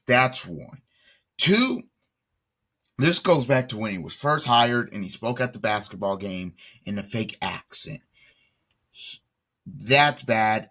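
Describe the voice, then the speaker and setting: A man's voice: on the low side, fairly bright tone. A man hosting a solo sports commentary show, talking emphatically, repeating himself and restarting sentences as he builds his point. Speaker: sports talk host.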